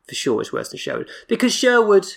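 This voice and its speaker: A man's voice: high-pitched, big pitch swings, brisk, vocal fry. A man co-hosting a football podcast, speaking frankly and emphatically, often restarting his sentences. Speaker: podcast co-host leading the discussion. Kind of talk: casual football podcast chat.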